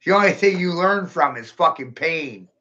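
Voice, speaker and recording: A man's voice: on the high side, animated, moderate pace, bright, forceful tone. Angry ranting guy, tense voice, kinda muffled lo-fi sound. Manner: agitated, profane, ranting. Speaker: livestreamer. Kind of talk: angry live-stream rant.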